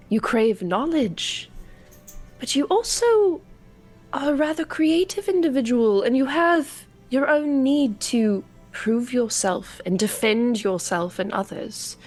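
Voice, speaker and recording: A woman voicing a wise old talking sorting hat in a tabletop game, speaking in a measured, judging way. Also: on the high side, darkish tone.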